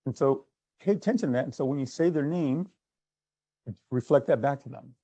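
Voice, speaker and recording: A man's voice: mid-range voice, brisk, warm tone, no echo, muffled recording. A man giving a sales training workshop, conversational, acting out little exchanges as he goes. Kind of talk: workshop talk.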